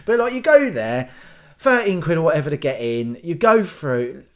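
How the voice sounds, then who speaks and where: A man's voice: on the high side, big pitch swings, moderate pace. A young man ranting casually in a solo vlog, rambling and acting out little scenes in silly voices. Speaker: vlogger.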